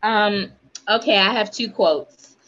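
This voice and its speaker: A woman's voice: medium pitch, takes it slowly, a bit bright. A woman co-hosting a podcast in casual chat, rambling with frequent ums and light laughs. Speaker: podcast co-host. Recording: dull, lo-fi sound.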